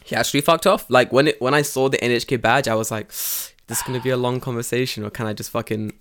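A man tells a story on a casual podcast. He swears freely and jumps into the voices of the people in his tale. His pitch sits right in the middle. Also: fairly even intonation, fast, a bit bright, a little hiss or hum. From England. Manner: profane, storytelling, acts out quoted voices. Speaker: podcast co-host. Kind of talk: casual chat.

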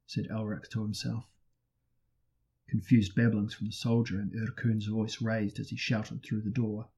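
A man reading a fantasy audiobook in a steady, dramatic narration. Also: on the low side, moderate pace, rough recording.

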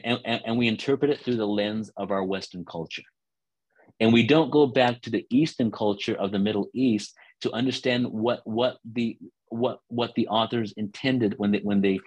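Deep-voiced preacher, dry close sound. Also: male voice, no echo, poor audio. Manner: earnest teaching, repeats and restarts words, slows for scripture. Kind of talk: sermon on a call line.

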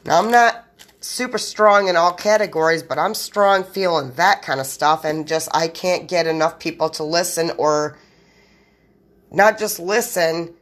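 A woman's voice: lowish voice, measured pace. A woman hosting a solo podcast, rambling in blunt, profane run-on sentences straight to her listeners. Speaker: podcast host.

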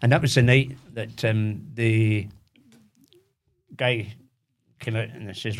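An older man with a Glaswegian Scottish accent, telling childhood stories as a podcast guest with animated, laughing delivery. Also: on the low side, slow, long pauses. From Glasgow, Scotland. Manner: animated anecdotes with frequent laughter. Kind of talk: casual storytelling.

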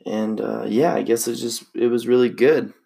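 A man's voice: mid-range voice, steady tone, moderate pace, creaky, dark tone, breathy edge. A young man hosting a casual solo podcast, rambling in a laid-back way with lots of slang and fillers. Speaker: podcast host.

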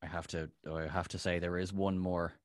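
A man's voice: low voice, little pitch movement, normal speed, no echo, studio quality. A man hosting a podcast, chatting in a wry, playful way. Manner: wry, playful, quotes the show. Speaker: podcast host. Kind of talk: casual chat.

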